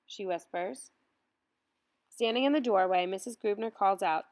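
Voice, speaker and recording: A woman reading a first-person story aloud in a measured, earnest way. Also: medium pitch, a little mellow. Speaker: audiobook reader.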